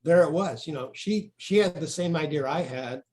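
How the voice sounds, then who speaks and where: A slightly high, somewhat mellow male voice at a moderate pace belongs to an author being interviewed. He talks casually and rambles through stories, restarting frequently and using plenty of fillers.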